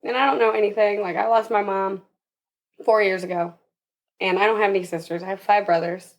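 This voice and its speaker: A woman's voice: mid-range voice, fairly even intonation, brisk. A young woman, a podcast guest, tells a personal story in casual interview talk, laughing often and acting out the voices of people she quotes.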